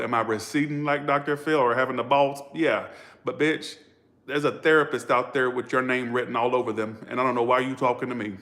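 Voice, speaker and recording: A man's voice: mid-range voice, steady tone, a little fast, a bit bright. A man reads tarot cards in a loose livestream style. He is outspoken and foul-mouthed, and he talks straight to his viewers. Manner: blunt, profane and outspoken. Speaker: tarot reader. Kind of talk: casual livestream tarot reading.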